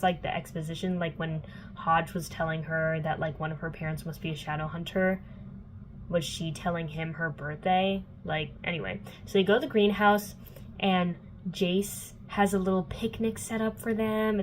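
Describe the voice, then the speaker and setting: A woman's voice: on the low side, a little hiss or hum, low-quality recording. A young adult woman recapping a book in casual vlog chat. She fills her talk with "like" and swears freely. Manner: chatty, peppered with "like" and swearing. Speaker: book vlogger.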